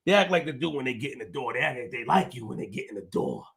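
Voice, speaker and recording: A male host talking to viewers on a livestream, repeating himself and swinging from low muttering to shouting. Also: lively intonation, fast talker, gravelly. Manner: repetitive, emphatic. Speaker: show host.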